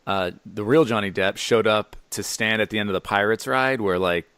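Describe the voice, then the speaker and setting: Chill guy hosting a podcast, kinda low voice, dry close sound. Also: normal speed, a bit bright, smooth, no echo. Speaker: podcast host. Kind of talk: casual chat.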